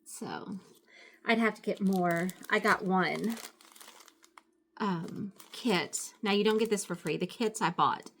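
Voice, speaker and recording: A middle-aged woman talks at home in a relaxed show-and-tell way, full of little fillers and self-corrections. Her voice sits at an ordinary pitch for a woman, and she drifts from one thought to the next. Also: slow, vocal fry, slight background noise. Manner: chatty and rambling, with frequent fillers and self-corrections. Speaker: craft vlogger. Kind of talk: casual show-and-tell chat.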